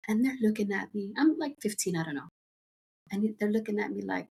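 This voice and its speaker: A woman's voice: medium pitch, a little fast, vocal fry, fairly bright tone, slightly rough. A middle-aged woman from the United States, a podcast guest, chatting casually and telling a rambling story full of fillers and asides. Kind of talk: casual chat.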